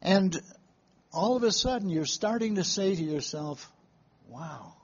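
A man preaching a sermon to a live congregation, telling stories in a folksy way with halting restarts and questions to the room. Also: high voice, animated, lo-fi sound.

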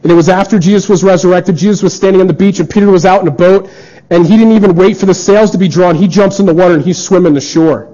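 Fast and steady in tone, this earnest male preacher has a fairly high, mellow voice. He gives a sermon, acting out quoted dialogue along the way, captured on a dull, lo-fi recording.

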